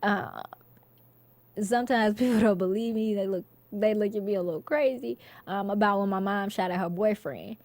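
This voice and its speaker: A woman's voice: mid-range voice, normal speed, a little mellow, no echo. A woman comedian, chatting casually in an interview and laughing often. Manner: laid-back, laughs often, storytelling. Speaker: comedian guest.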